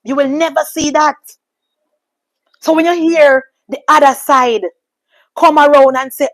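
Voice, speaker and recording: A woman's voice: sits high, fairly even intonation, unhurried, pauses often, dry recording, low-quality recording. A woman with a Jamaican accent giving an impassioned political monologue, emphatic and repetitive with a preachy ring. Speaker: political commentator.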